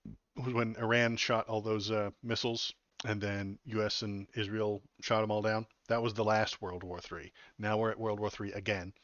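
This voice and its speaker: A man with a fairly low voice riffs through a casual live-stream commentary, joking and rambling with a sarcastic edge. The audio sounds dull and dry, like a home desk mic. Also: flat delivery, moderate pace, fairly bright tone, no echo. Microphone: headphones and desk mic.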